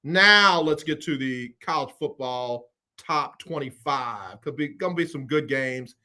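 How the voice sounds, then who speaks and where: A man hosting a casual sports talk show, running through his football picks in a lively way and repeating his phrases. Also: medium pitch, measured pace. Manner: animated, repeats phrases, Southern US Black vernacular.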